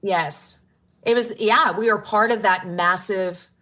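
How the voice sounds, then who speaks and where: A woman's voice: mid-range voice, slow, bright, forceful tone. A woman, a radio personality telling her story earnestly in an interview. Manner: earnest and emotional, with bursts of laughter and exclamations. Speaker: radio personality, podcast guest.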